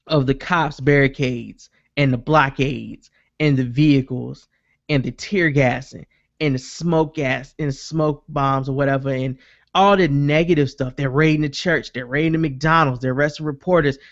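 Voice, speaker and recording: A man with a fairly high voice hosts a relaxed podcast, energetically telling a story in which he acts out quotes and swears freely. There's no echo, though the highs are cut off.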